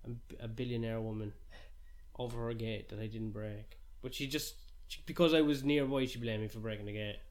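A man's voice: lowish voice, steady tone, fairly quick. A man, chatting casually as a podcast co-host and ranting in a sweary, jokingly outrageous way. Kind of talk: casual chat.

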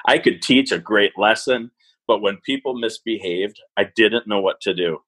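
A man in his forties, a parenting educator, telling stories in an animated, self-deprecating way on an interview. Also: on the low side, moderate pace, husky, low-quality recording. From Wisconsin, US. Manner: animated, self-deprecating, acts out quoted thoughts. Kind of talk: conversational interview storytelling.

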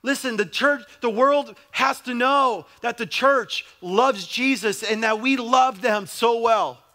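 A man's voice: extremely high pitch, slow pace, bright, forceful tone. A young adult male pastor preaching a sermon in a conversational way, with emphatic repetition.

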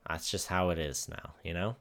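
A man's voice: low voice, steady tone, normal speed, gravelly, a bit bright. A man co-hosting a podcast in casual chat, talking in a rambling, laid-back way with plenty of fillers. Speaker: podcast co-host.

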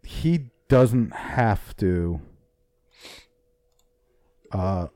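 A man's voice: fairly low pitch, animated, drawn-out words, warm tone, no room sound, clean studio sound. A man co-hosting a casual sports talk podcast, blunt and opinionated, swearing freely. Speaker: podcast co-host. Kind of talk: casual hockey chat.

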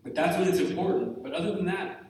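A man's voice: high voice, fast talker, a little mellow, recorded from a distance, slight background noise. A man giving a candid, joking and self-deprecating talk to a live group at a retreat. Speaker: retreat speaker. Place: large room with an audience. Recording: echoey hall, mic from afar.

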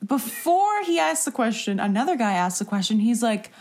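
A woman's voice: on the high side, normal speed, hardly any pauses. Chatty young woman retelling a film. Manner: animated retelling with acted-out quotes. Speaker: podcast co-host. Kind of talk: casual chat recapping a movie.

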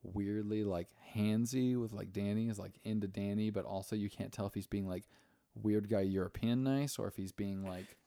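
A man's voice: lowish voice, steady tone, moderate pace, warm tone, no echo, studio quality. A young man podcast host casually recapping a movie, rambling, swearing, and acting out the characters' lines.

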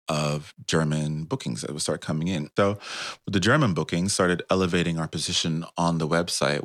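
A man, a guest on an interview show, telling an animated story about founding his tour company and laughing often. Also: very deep voice, dry recording, clean studio sound. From United States.

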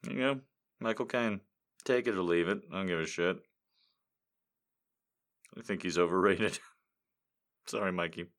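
A man chatting casually and rambling to his audience, joking, swearing and laughing a lot, and saying he is high. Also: unhurried, pauses often, a bit bright. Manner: joking, profane, laughs often. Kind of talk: rambling casual chat with impressions.

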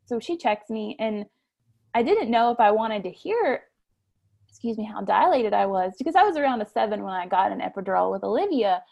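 A woman in her thirties, appearing as a guest in a casual storytelling interview, chats about her birth stories, laughing often and acting out what people said. Her voice is medium-pitched, gravelly and a little mellow, with lively intonation and a slightly fast pace, on a muffled recording.

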